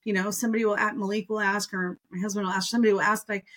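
A middle-aged woman in casual podcast chat, expressive and laughing often, acting out quoted voices. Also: mid-range voice, rapid-fire. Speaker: podcast co-host.

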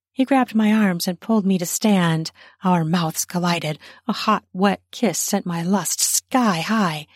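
A woman narrating an erotic story in the first person, soft and breathy, sometimes dropping to a whisper. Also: medium pitch, no room sound, clean studio sound.

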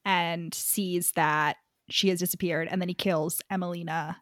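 A woman's voice: on the low side, fairly even intonation, measured pace, no echo, studio quality. A woman co-hosting a casual book podcast, animatedly retelling scenes, acting out the characters, swearing and laughing. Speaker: podcast co-host.

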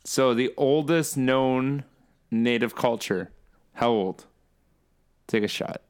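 A man's voice: mid-range voice, takes it slowly, clean tone. A young man co-hosting a podcast, teasing his co-host and reading out facts in crude casual chat. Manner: teasing, reads facts aloud, swears.

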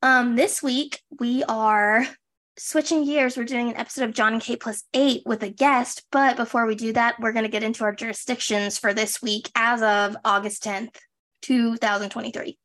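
Young woman, podcast co-host, casual chat, rambling, fairly high voice. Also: fairly even intonation, normal speed, a bit bright. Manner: chatty, trails off and restarts, lots of "like".

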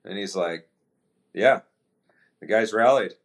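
A middle-aged man, a retired hockey player, telling stories as a podcast guest in a relaxed, anecdotal way and acting out quoted dialogue. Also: fairly low pitch, takes it slowly. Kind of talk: casual storytelling interview.

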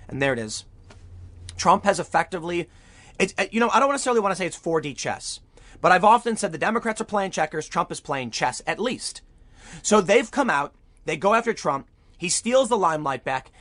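A man's voice: a little high, animated, fairly quick, fairly bright tone, no echo. A man giving opinionated political commentary as he reads news aloud, emphatic and prone to repeating words when fired up.

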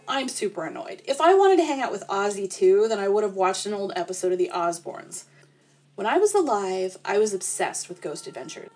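A woman narrating a playful, deadpan comic sleep story in the first person. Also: mid-range voice, breathy edge. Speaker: podcast storyteller.

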